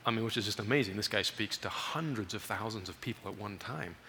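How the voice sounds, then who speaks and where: Male guest preacher, animated storytelling, bright voice, church sanctuary reverb, faint room noise. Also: fairly low pitch, fast talker. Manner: animated storytelling, raises voice for emphasis. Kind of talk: sermon.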